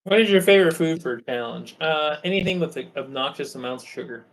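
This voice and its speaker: A man's voice: on the high side, quick pace, poor audio. A man co-hosting a casual chat, retelling stories and acting out what other people said. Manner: animated, acts out other people's lines. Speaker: co-host.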